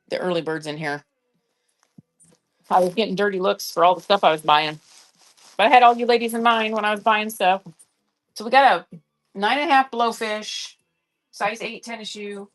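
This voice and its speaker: At a moderate pace, pausing often, a medium-pitched middle-aged woman chats on a live-stream sale as an online reseller on a shopping app. She rambles, thinking aloud while she checks sizes.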